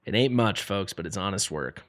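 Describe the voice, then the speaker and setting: Animated man griping through game gear. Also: low-pitched, moderate pace. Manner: exasperated, joking, playfully dramatic. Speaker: game streamer. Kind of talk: live gameplay commentary.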